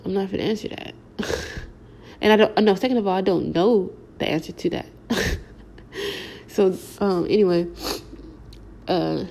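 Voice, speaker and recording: A woman's voice: mid-range voice, creaky, warm tone. A young adult woman telling a casual storytime, rambling along with slangy filler words. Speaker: vlogger.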